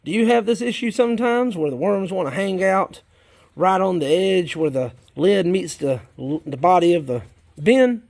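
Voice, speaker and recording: A man's voice: high voice, lively intonation, moderate pace, creaky, a little mellow. A man with a Southern US accent, chatting folksily to viewers in a rambling, casual way while tending his worm bins in a shed. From South Carolina, US. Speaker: worm farmer vlogger. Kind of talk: casual vlog chat while working. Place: garden shed.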